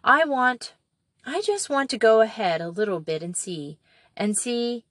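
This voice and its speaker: A woman's voice: a little high, sing-song, a little slow, fairly bright tone, no echo, heavily acted. A woman voicing a brave but scared young girl who speaks urgently and tries to sound firm. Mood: anxious, urgent.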